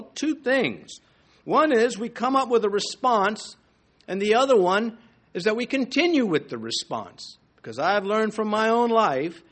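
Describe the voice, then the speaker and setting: A man preaching a sermon in an earnest way, building to emphatic repeated phrases and sometimes pausing to restart a thought. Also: high-pitched, fairly bright tone. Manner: earnest, rises to emphatic repetitions.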